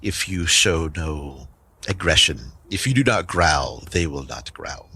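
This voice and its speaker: A man voicing a hungry, wary wolf that speaks slowly and carefully. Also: a bass voice, animated, bright, forceful tone, a little hiss or hum, heavily acted.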